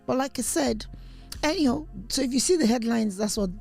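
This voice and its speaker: A woman's voice: on the high side, a little fast, vocal fry, darkish tone, faint music behind. A woman co-hosting a podcast, telling news stories in a rambling casual chat with many restarts. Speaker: podcast co-host.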